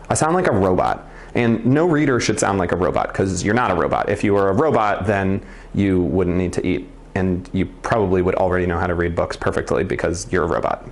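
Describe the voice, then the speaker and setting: A man teaching children to read with expression, in a playful and encouraging way. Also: on the low side. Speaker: reading teacher. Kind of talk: video reading lesson for children.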